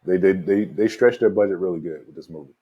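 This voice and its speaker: Deep, husky man recapping a movie. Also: fast talker, mellow, muffled recording. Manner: laid-back, recaps scenes with filler words. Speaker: podcast co-host. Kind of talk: casual movie review chat.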